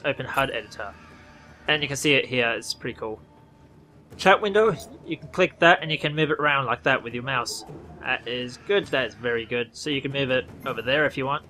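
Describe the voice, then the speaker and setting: An Australian man talks through game update news in an offhand, rambling way, often restarting his sentences. His voice is bright and forward. Faint music plays behind him. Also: mid-range voice. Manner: rambling, self-correcting, offhand. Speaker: gaming video host. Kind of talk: casual game-update commentary.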